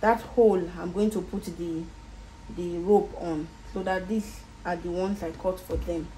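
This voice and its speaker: A Nigerian woman with a warm, mellow voice on the low side guides viewers through a sewing job at an easy, unhurried pace, her tone steady. In this casual tutorial she repeats each step as she demonstrates it. Her workspace sounds roomy and echoey, with a faint hum of background noise.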